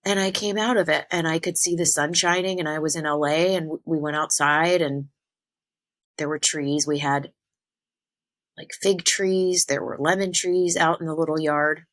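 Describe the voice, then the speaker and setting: A spiritual medium telling an earnest personal story and talking straight to her listeners, slowing down on the words that matter. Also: low voice, steady tone, fairly bright tone, low-quality recording. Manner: earnest, addresses listeners directly.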